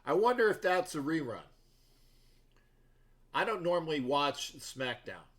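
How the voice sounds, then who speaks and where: A man with a somewhat high speaking voice hosts a sports show livestream. He talks loosely to his viewers and rambles from story to story. He often restarts his sentences and breaks off into asides. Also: very animated, a little slow, a bit bright. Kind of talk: casual rambling livestream chat.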